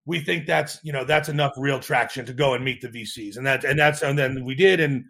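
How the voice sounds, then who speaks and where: A man, a startup co-founder, telling an animated story in a podcast interview, acting out quotes with frequent restarts. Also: mid-range voice, a little fast, gravelly.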